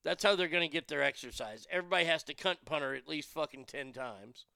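Profane, gravelly-voiced male podcast host. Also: on the high side, fast talker, sharp tone, no room sound, studio quality. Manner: profane, outraged and mocking. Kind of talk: crude comedic news rant.

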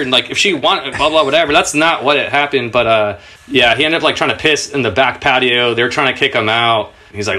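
A man's voice: fairly quick, bright, forceful tone. A man in his thirties, a skateboarder guest on a podcast, telling laid-back, profane stories and laughing as he talks. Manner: raises his pitch a lot when quoting people. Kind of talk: casual podcast storytelling.

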